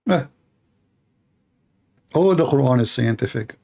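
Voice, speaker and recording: A man's voice: mid-range voice, expressive, measured pace, gravelly, a little mellow. A man hosting a polemical talk who speaks in sarcastic, mocking, non-standard English. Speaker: host.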